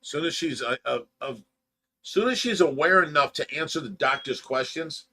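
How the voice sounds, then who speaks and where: A man's voice: on the high side, normal speed, sharp tone. An older man hosting a livestream, chatting in a folksy, rambling way and telling stories with mock offense. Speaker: host of fish rescue livestream. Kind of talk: casual livestream chat.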